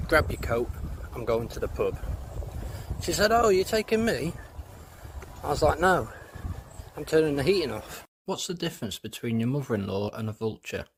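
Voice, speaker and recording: A British man telling one-liner pub jokes, pitching his voice up for the quoted characters. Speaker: comedian.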